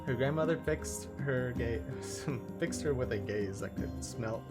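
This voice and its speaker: A man's voice: medium pitch, a little slow, few pauses. Man reading game story aloud over music. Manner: reads aloud, stumbles and laughs at own slips. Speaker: streamer. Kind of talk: reading game text aloud during a playthrough.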